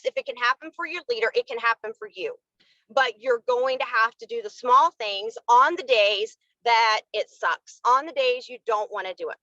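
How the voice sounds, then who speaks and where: A woman's voice: a little high, bright, forceful tone, no echo, dull audio. A woman leading her sales team in a candid, fired-up motivational live talk, saying y'all. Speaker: network marketing team leader.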